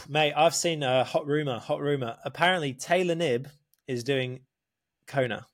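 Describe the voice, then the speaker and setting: A man telling a story in casual podcast chat, animated, swearing often and calling the listener mate. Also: on the high side, measured pace. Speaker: podcast guest.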